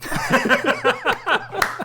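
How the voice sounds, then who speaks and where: A man co-hosting a podcast, telling an animated story in casual chat and swearing freely. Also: extremely high pitch, very slow, no room sound. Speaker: podcast co-host.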